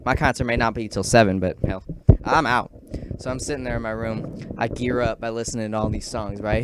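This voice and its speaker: A teenage boy doing amateur stand-up, rambling through stories and acting out quotes with sudden high, loud bursts. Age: teens. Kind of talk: casual stand-up storytelling. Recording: loud background noise.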